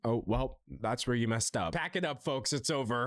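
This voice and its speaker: Wry American man, lively pitch. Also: moderate pace, few pauses, no room sound. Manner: wry, dry humor, self-interrupting asides. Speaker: commentator reading online posts. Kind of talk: video commentary.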